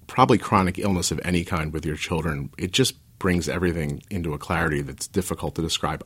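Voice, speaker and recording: A man's voice: deep voice, breathy edge. A stay-at-home dad and author in his forties, an interview guest telling personal stories in a candid, rambling way with self-deprecating asides.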